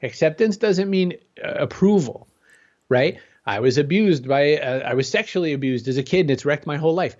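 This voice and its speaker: A man's voice: a little high, normal speed. A man as a guest in an interview, talking energetically and conversationally. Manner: energetic, conversational, jumps into quoted voices. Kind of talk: motivational interview talk. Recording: dull lo-fi sound.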